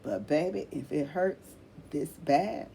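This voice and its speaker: Woman, low-pitched tarot reader, casual and blunt, cusses, repeats lines for emphasis, light background hiss. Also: animated, takes it slowly, gravelly, mellow. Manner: blunt, swears freely, calls listener honey.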